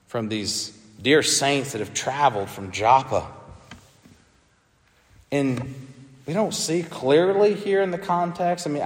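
A man's voice: medium pitch, in a large hall. A man preaching a sermon as pastor, earnest, with frequent restarts and emphatic peaks.

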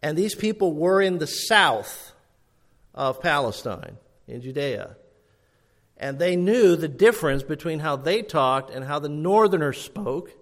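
Man, sermon preacher, earnest and emphatic, slightly higher voice. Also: expressive, a little slow, fairly bright tone. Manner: earnest, emphatic, rising and falling delivery. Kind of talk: expository sermon.

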